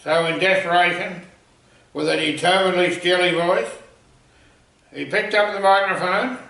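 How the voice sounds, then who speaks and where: Gravelly man spinning a yarn. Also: sits high, normal speed. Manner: rambling, animated yarn-telling. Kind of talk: comic anecdote storytelling. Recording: echoey room, voice far from mic.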